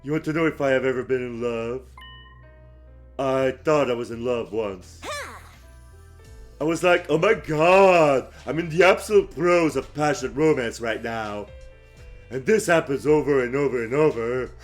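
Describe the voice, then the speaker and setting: A man's voice: mid-range voice, moderate pace, long pauses, faint music behind, lightly acted. A man voicing a playful, nosy young woman who acts as game master, amused and gossipy in tone. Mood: wistful. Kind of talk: reading game dialogue aloud.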